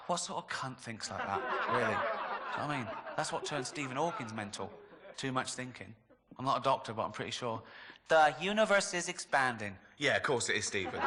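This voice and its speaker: Dry, chuckling English comedian. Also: male voice, mid-range voice, pushed and bright, long reverb tail. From England. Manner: dry, sardonic, chuckling at his own jokes. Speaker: stand-up comedian. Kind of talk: stand-up comedy set.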